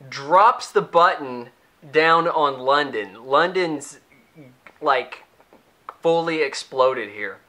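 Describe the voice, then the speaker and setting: A man's voice: a little high, drawn-out words, sharp tone. A young man giving a casual, sarcastic, rambling movie review, acting out the characters' lines as he goes.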